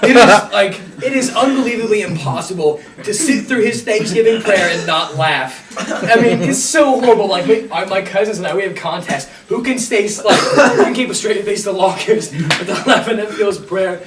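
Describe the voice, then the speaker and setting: A man's voice: high voice, normal speed. A man telling a story casually to friends, laughing through his words and swearing freely. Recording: echoey room, far from mic, chatter around.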